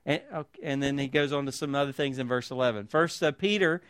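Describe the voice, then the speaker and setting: A man's voice: mid-range voice, brisk, a bit bright, smooth. A man preaching a sermon as pastor, reading scripture aloud with emphasis and pressing points with rhetorical tag questions.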